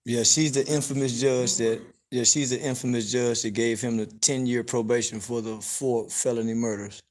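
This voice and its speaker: A man co-hosting a university talk, chiming in with slow, laid-back remarks. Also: mid-range voice, steady tone, darkish tone. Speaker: host and co-speaker. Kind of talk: casual interjections during a talk. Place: university lecture room.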